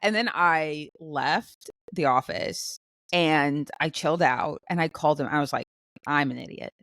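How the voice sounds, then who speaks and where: A young woman co-hosting a casual podcast, telling a story with many restarts and fillers, and jumping much higher when she acts out her own outbursts. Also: a little slow, a bit bright, no echo, studio quality. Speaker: podcast co-host. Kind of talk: casual chat.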